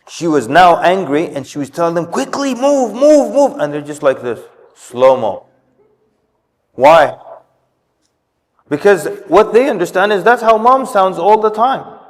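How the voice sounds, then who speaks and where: Man storytelling in a reverberant mosque hall. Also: fairly high pitch. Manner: storytelling, acts out quotes. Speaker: community speaker. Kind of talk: informal religious talk on parenting.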